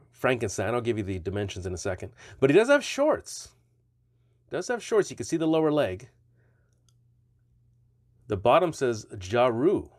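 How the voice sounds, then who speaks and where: A man's voice: mid-range voice, a little mellow, no echo. Guy rambling through a toy review, bouncy up-and-down voice, dry close sound. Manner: chatty, rambling, self-correcting. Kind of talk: casual product review.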